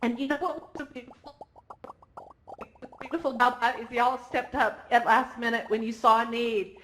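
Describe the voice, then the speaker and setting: Gushing woman wrapping up a vr conference, kinda high voice, laughs a lot, gets teary. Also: normal speed, a little hiss or hum. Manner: excited, emotional, laughing often. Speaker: conference organizer. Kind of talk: closing ceremony speech. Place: virtual reality event.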